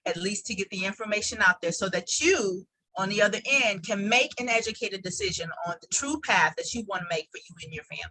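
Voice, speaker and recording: A woman's voice: medium pitch, pushed and bright, low-quality recording. A woman guest on a video call sharing her story earnestly and reflectively, often restarting her sentences. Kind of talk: personal testimony.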